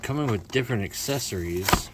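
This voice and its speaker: A man's voice: on the low side, animated, a little fast, very noisy. A man doing casual unboxing commentary as a toy reviewer, with wry, self-mocking asides.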